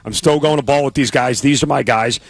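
A man co-hosting a sports talk radio show, giving his opinions in a relaxed, conversational way with frequent fillers and restarts. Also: medium pitch, brisk, creaky, no room sound. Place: radio studio.

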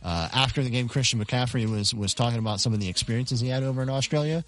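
A man's voice: mid-range voice, fast. Matter-of-fact man introducing sports clips. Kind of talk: casual radio chat.

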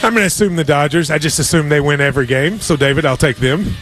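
A man's voice: on the high side, fast, soft background music. A man hosting a sports radio show, joking around in casual chat. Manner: jokey, animated, laughs often.

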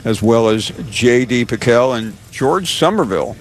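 A man running a sports talk radio hour at a mid-range pitch. He moves through guest introductions briskly, his speech dotted with fillers, in an easy conversational way. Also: animated. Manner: brisk, filler-heavy host patter.

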